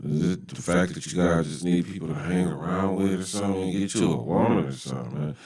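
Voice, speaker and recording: A man's voice: low voice, fast, a little mellow, distant mic. A man hosts a casual reaction talk. He riffs in a loose, mocking way, full of street slang. The sound is roomy, as if he sits back from the microphone. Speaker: podcast host reacting to a video.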